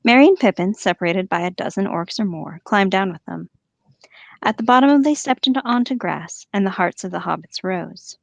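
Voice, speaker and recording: A woman reads a long story aloud for her podcast, steady and engaged. Her voice has a gravelly fry at the edges, and the sound is dry and close with no room echo. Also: medium pitch, normal speed. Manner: animated, laughs easily. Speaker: podcast host and reader. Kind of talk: reading a novel aloud with commentary.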